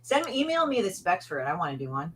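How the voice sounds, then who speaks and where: A woman's voice: fairly low pitch, very animated, fast talker, a crowd in the background, poor audio. A woman chatting casually on a group call, laughing often and rambling through her stories. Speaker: panel guest.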